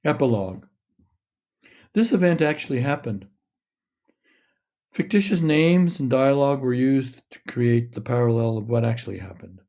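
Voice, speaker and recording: A man reading his own short story aloud in a measured, steady narration. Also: mid-range voice.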